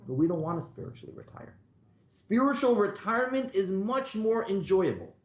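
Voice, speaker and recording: A man's voice: sits high, very animated, normal speed. A man teaching an informal Torah class, telling stories in a conversational way and putting questions to the class. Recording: roomy echo.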